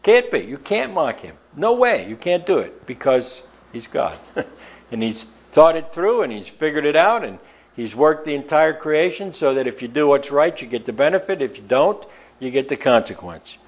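A man's voice: fairly high pitch, big pitch swings, moderate pace, slightly rough. A man preaching a sermon in a folksy, emphatic way, telling stories and reading scripture, in a lo-fi recording.

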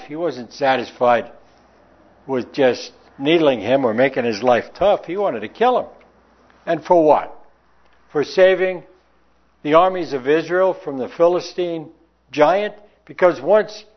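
Male preacher, slightly high voice, emphatic and questioning, muffled lo-fi recording. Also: lively intonation, measured pace. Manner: emphatic rhetorical questions, reading old scripture aloud. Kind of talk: sermon with scripture reading. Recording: dull lo-fi sound.

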